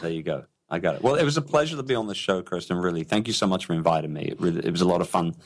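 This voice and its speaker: A man's voice: sits low, lively intonation, rapid-fire. Chatty jokey man with London accent. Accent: London English. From England. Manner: chatty, jokey, laughs often. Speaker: podcast guest. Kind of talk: casual interview chat.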